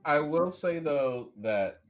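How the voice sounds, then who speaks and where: A man's voice: on the high side, lively intonation, slow, soft background music. A man co-hosting a casual roundtable chat, playfully riffing on jokes. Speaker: dungeon master co-host.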